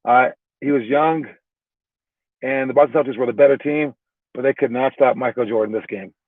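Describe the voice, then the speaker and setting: A man's voice: mid-range voice, moderate pace, no echo. Man talking hoops over a tinny line. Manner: loose, talky, frequent restarts and "all right". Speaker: basketball trainer. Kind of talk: casual explaining and ranking. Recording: tinny phone-like dry sound.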